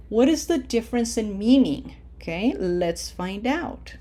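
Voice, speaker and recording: Woman, language teacher, slow measured delivery, models words for repetition, frequent "okay?" check-ins. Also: a little high, expressive, warm tone. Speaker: Spanish teacher. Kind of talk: recorded language lesson.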